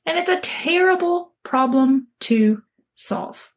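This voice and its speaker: A woman's voice: very high-pitched, lively intonation, slow pace. A woman coaching listeners in an earnest, emphatic talk, acting out the quoted voices of others. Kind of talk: motivational talk to camera.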